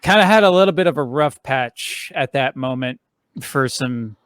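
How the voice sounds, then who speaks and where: A young adult man chatting as a podcast guest, rambling and animated as he tells stories, with casual swearing. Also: medium pitch, moderate pace, clear, resonant tone, no room sound. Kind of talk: casual chat. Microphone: podcast microphone.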